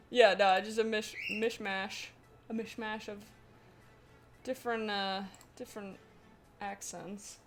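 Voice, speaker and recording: A woman's voice: mid-range voice, steady tone, a little slow, a little hiss or hum. Giggly woman with a mixed northern-southern American accent. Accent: mix of Pennsylvania and US Southern. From Pennsylvania, USA. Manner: chatty and rambling, giggles often, lots of "like". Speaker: artist streamer. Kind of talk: casual live-stream chat while drawing.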